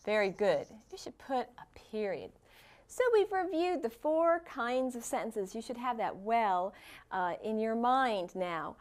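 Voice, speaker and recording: A woman teacher leading a video lesson for young children, speaking in a slightly high voice. Her pitch moves a lot as she explains, and she encourages the pupils warmly. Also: expressive, measured pace.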